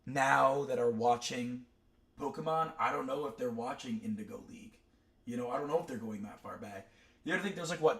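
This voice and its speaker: Rambling young man chatting on a stream. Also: mid-range voice. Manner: rambling, digressive storytelling with many fillers. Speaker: streamer ranking cartoon characters. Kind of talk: casual chat.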